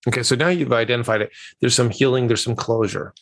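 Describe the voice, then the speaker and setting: A man who is a communication coach, answering interview questions on a podcast and telling stories with acted-out dialogue. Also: fast talker. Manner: storytelling, acts out quoted dialogue with lively jumps in pitch.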